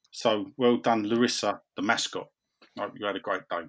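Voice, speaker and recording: A man's voice: lowish voice, fairly even intonation, normal speed, a bit bright. A man co-hosting a podcast, chatting playfully and reading listener messages. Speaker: podcast co-host.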